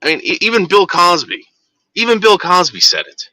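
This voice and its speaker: A man's voice: sits high, lively intonation, moderate pace, pushed and bright, dry recording. A man ranting heatedly to his viewers in a monologue, with profanity and frequent restarts. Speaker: vlogger.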